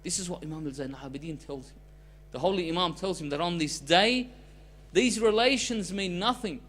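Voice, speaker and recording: A man preaching a sermon as a story, with loudness that swings between emphatic lines and soft, hushed ones. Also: sits high, brisk, a little hiss or hum.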